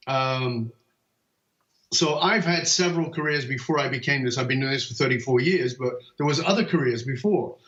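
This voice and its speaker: A man's voice: mid-range voice, normal speed. A man from the United Kingdom, a motivational speaker guesting on a podcast, tells stories in a conversational way. He acts out voices and often restarts with "um" and "uh". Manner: animated, acts out voices in anecdotes, frequent um and uh restarts. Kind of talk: conversational storytelling. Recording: roomy, dull lo-fi call audio.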